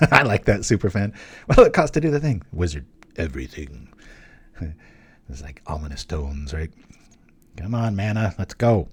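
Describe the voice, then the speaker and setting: A young man hosting his channel, giving casual live commentary on a card game he is playing, thinking aloud with quick jokes and small exclamations. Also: lowish voice, very animated, slightly rough.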